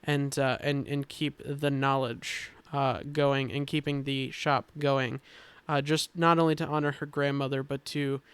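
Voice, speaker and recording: A man on a casual podcast, explaining characters in a halting, thoughtful way with many filler pauses. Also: mid-range voice, level tone, a bit bright, smooth, dry recording. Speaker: game designer explaining characters.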